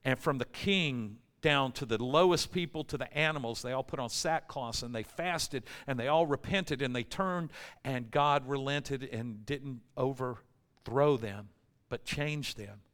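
A pastor with a medium-pitched, slightly bright voice speaks unhurriedly into an amplified microphone that's loud in the church sanctuary. His sermon is casual and joking, with acted-out prayers and fillers along the way.

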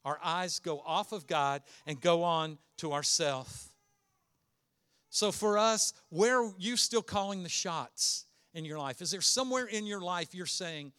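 A pastor delivering a sermon in a fairly high voice. His tone is bright and forceful. He speaks earnestly and with emphasis, putting question after question to his listeners and drawing out key words. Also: clear, resonant tone. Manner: earnest, emphatic preaching with many rhetorical questions; slows down to stress key words.

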